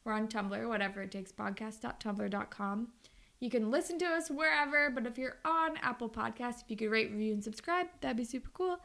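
A gravelly, bright-toned young woman co-hosting a podcast. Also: fairly high pitch, fairly quick. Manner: giggly and informal, swears freely. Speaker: podcast co-host. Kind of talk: casual podcast chat.

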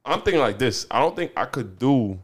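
A man's voice: medium pitch, lively intonation, a little fast. A man in casual group chat, talking in slang and acting out the voices of the people he quotes.

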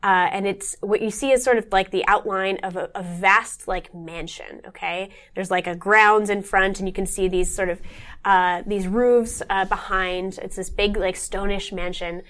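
A woman's voice: medium pitch, steady tone, moderate pace, a bit bright. A woman narrating a tabletop horror game as game master, meandering with many fillers. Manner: meandering, lots of fillers and restarts.

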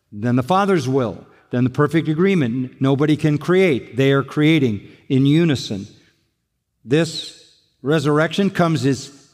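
A man's voice: mid-range voice, darkish tone. An older man preaching a sermon as a pastor, emphatic and fond of repeating his phrases. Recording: long reverb of a large hall.

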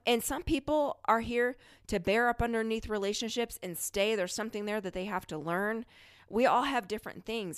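A woman's voice: medium pitch, dry recording, clean studio sound. A woman hosting a spiritual healing talk, coaching her listeners in an earnest, direct way. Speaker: spiritual healer and podcast host.

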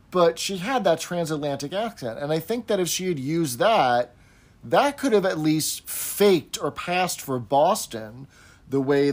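A man co-hosting a casual podcast chat, explaining things at length and quoting lines from an old show. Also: on the high side. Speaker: podcast co-host.

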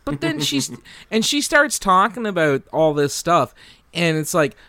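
A man riffing on a film with friends, his voice smooth and resonant and sitting a bit high. The sound is dry and close. He rambles, restarts and breaks into quick laughs. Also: sing-song, pushed and bright, no room sound. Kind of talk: casual movie review chat.

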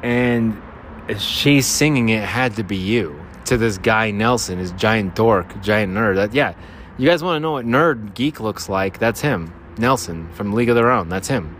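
A man's voice: lowish voice, lively intonation, a little slow, fairly bright tone. A man with a nasal voice rambles through a casual podcast monologue. He jokes at his own expense and wanders from thought to thought. Faint traffic hums behind him outdoors. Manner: rambling, self-deprecating, jokey. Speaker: podcast host. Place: outdoors by a freeway. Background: traffic and motorcycles.

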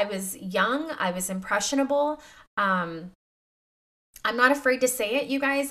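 A woman's voice: medium pitch, fairly bright tone. Congested, nasal woman podcaster. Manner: confiding, addresses listeners directly. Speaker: podcast host. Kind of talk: candid faith podcast talk.

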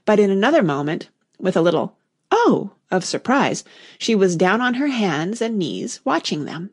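A woman narrating a storybook in an expressive, animated way. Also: mid-range voice, moderate pace, no room sound, clean studio sound. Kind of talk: storybook reading.

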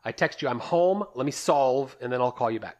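A man's voice: mid-range voice, animated, a little fast, darkish tone, dull audio. Man recounting events matter-of-factly. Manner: matter-of-fact, step-by-step recounting. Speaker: podcast co-host. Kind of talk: casual storytelling chat.

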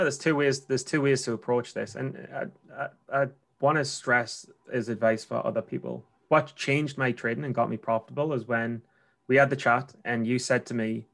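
A man's voice: medium pitch, creaky, fairly bright tone. A man with a Geordie accent, a trader talking casually and rambling with restarts. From North East England. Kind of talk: casual conversation.

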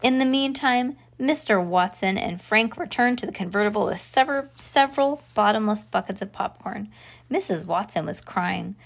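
A woman reading a children's chapter book aloud, expressive and playful. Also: mid-range voice, moderate pace, gravelly. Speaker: storyteller.

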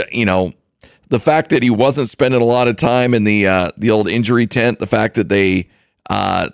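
A man with a low, gravelly voice co-hosts a sports radio show, talking casually and stumbling through restarts. The sound is dry and close, with no room around it. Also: dry recording. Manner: halting, many restarts, defensive.

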